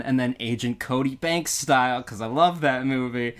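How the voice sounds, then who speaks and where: A woman's voice: rumbling low, moderate pace. A woman co-hosting a comedy podcast, laughing often as she acts out silly scenarios in casual chat. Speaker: podcast co-host.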